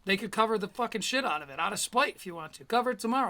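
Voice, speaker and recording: A man's voice: sits high, expressive, very fast, sharp tone. A man giving sarcastic, profane running commentary over clips as a streamer.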